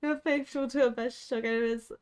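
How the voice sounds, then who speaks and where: A woman's voice: a little high, steady tone, moderate pace, clear, resonant tone. A young woman streaming a game live, coaching herself through tense moves and chatting back to her viewers. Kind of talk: casual live gaming stream.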